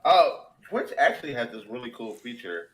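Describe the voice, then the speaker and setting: Mid-pitched man, halting and casual, asks questions in a relaxed live-stream chat. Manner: hesitant, full of fillers and restarts.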